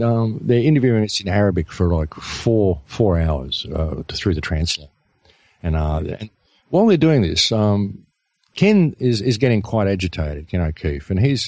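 Australian man, radio guest, rambling storyteller, very low voice, dry sound. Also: brisk, dry recording. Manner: rambling, animated retelling with many fillers. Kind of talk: casual storytelling.

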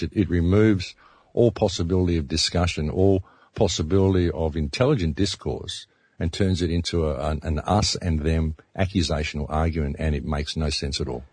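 A man's voice: sits low, a little mellow, slightly rough, dry recording. A man, a radio announcer, talking earnestly in a casual discussion and often repeating words as he thinks.

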